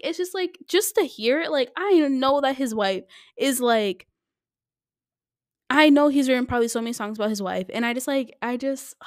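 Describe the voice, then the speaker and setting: A young woman hosting a casual solo podcast, chatty and animated, filling her talk with "like". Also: a little high, dry recording, studio quality. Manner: chatty and animated, lots of "like" fillers. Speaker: podcast host.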